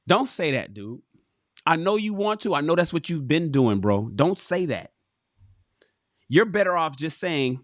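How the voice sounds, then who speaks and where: A man's voice: a little high, moderate pace, no echo, clean studio sound. A man hosting a livestream, reading a book aloud and breaking off to curse and talk straight to his chat. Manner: profane, animated, talks straight to viewers and chat. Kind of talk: casual livestream reading with commentary.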